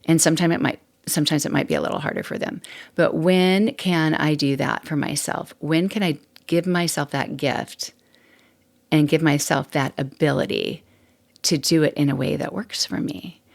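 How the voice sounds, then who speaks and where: Casting: middle-aged woman podcast host with a low, gravelly voice, chatty and open. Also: big pitch swings, moderate pace. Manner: chatty and candid, laughs often, rambling asides. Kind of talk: casual solo podcast monologue.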